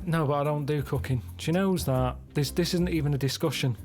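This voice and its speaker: A man from England telling stories in a deadpan, matter-of-fact way during a casual comedy podcast chat. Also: a little high, a little fast.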